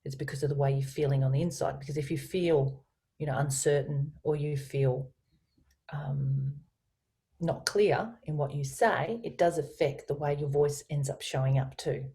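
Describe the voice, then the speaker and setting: A woman voice coach, speaking as a guest over a video call, explaining her ideas with enthusiasm and lively emphasis. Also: sits low, normal speed. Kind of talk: guest in a business interview.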